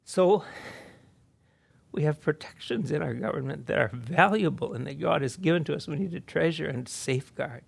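A man's voice: on the high side, moderate pace, gravelly, slightly rough. A man giving an earnest, heartfelt talk, his voice breaking with emotion and with laughter. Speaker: speaker at a conference. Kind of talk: informal talk.

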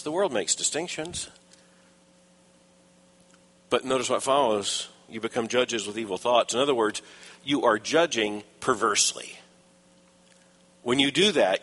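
A man preaching an expository sermon in an emphatic way, rising for stressed points and dropping low for asides. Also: pushed and bright, breathy edge. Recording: long reverb of a large hall.

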